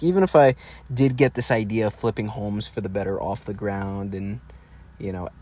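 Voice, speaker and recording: Young man, low voice, ranting monologue, swears a lot, meandering. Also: a little hiss or hum. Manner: profane, meandering, ranting with frequent restarts. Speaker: solo podcast host. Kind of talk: rambling monologue.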